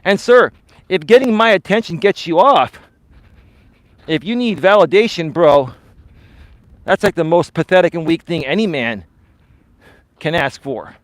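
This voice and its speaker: A man's voice: on the high side, expressive, a little slow, long pauses, dry recording. A male dating and life coach ranting on a live stream, confrontational and repeatedly calling his opponent bro and sir.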